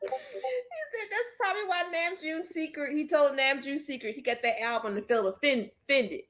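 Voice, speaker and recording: A woman's voice: high-pitched, lively intonation, normal speed, fairly bright tone. A woman hosting a casual commentary chat, joking and laughing often. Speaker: host.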